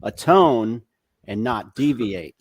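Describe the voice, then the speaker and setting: Slow, wry-talking man. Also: medium pitch, animated. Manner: wry, teasing remarks. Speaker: podcast co-host. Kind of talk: casual chat.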